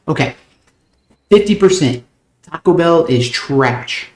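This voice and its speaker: Young man, rapid casual streamer chat, mid pitch, roomy echo. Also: expressive, a little mellow. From United States. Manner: talks very fast, loose and profane. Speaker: game streamer.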